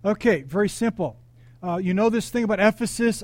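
A male pastor delivering an animated sermon, calling out questions to the congregation and telling personal stories. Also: sits high, a little fast, no room sound. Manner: animated, interactive preaching with congregation call-outs.

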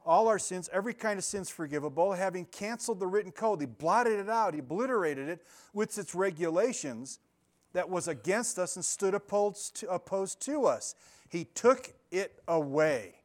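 A man's voice: sits high, animated, normal speed. An older man preaching an informal sermon, rambling and correcting himself, telling stories and laughing often. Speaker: pastor.

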